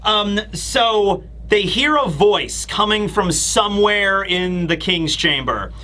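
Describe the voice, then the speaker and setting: Guy reviewing manga, high bright voice, acts out scenes and laughs. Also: lively intonation, slow. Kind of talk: casual video commentary.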